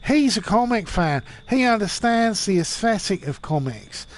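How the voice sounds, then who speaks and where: A man's voice: sits high, very animated, a little slow. A drunk man in his forties rambling and swearing while streaming a game. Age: 40s.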